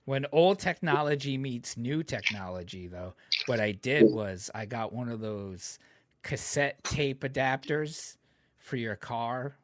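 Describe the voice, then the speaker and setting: A man co-hosting a casual podcast, joking around and telling stories, often breaking into loud put-on voices. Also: medium pitch, animated, a little slow, slight background noise. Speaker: podcast co-host. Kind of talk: casual banter.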